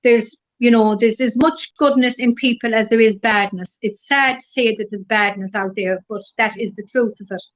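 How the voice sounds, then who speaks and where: Irish woman, middle-aged, gentle rambly storyteller in a casual interview, muffled lo-fi sound. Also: fairly high pitch, steady tone, normal speed, few pauses. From Ireland. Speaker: guest. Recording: dull lo-fi recording.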